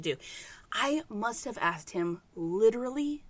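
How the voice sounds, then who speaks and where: A woman's voice: medium pitch, animated, a little slow, no echo. A woman telling a candid parenting story in casual chat, swearing freely.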